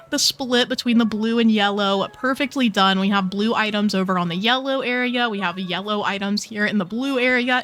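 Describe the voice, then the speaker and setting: A woman's voice: a little high, a bit bright. A young woman hosting a casual video game tour, gushing and playful with lots of slang. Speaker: host touring game islands. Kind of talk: casual gameplay commentary.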